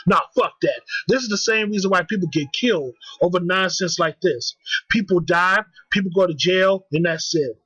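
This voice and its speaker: A man's voice: high voice, normal speed, pushed and bright, slightly rough, dry recording, poor audio. A young man ranting angrily to the camera, heated and profane, repeating himself. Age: young adult. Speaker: vlogger. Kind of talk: angry rant.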